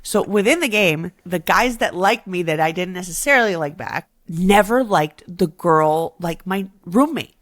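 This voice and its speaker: A woman's voice: on the low side, moderate pace, few pauses, no room sound, clean studio sound. A woman co-hosting a podcast, telling stories in a casual chat and laughing often. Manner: animated storyteller, laughs often. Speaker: podcast co-host.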